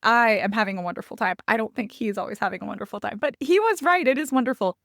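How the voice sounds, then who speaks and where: A woman in her thirties hosting a podcast, candidly telling personal stories in a conversational way, often acting out quotes in a higher voice. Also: fast talker, vocal fry, no room sound, studio quality. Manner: animated, acts out quotes with raised pitch. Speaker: podcast host. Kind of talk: personal storytelling monologue.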